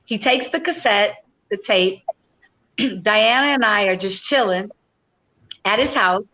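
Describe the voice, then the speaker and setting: A woman's voice: mid-range voice, lively intonation, takes it slowly, pushed and bright, lo-fi sound, slight background noise. A woman in her fifties, a podcast guest, telling a story animatedly and casually, swearing freely.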